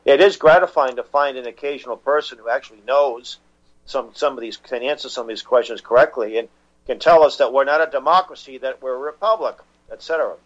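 A man speaks as a radio guest, his voice coming through a dull, muffled line at a middling pitch. He rambles, stops and restarts his sentences, and fills the gaps with filler words. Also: brisk. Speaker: guest, constitution educator. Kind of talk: phone-in radio interview.

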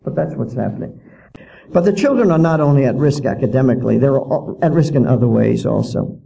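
A man's voice: medium pitch, animated, fairly quick, creaky, dark tone, lo-fi sound. A man giving a public lecture as an author, indignant and full of rhetorical questions.

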